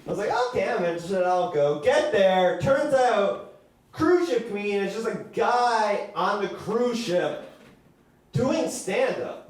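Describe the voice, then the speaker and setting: A man doing a stand-up comedy set with absurd bits and deadpan, meta asides in a small gallery venue. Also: high-pitched, slow. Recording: echoey room, distant mic, loud crowd.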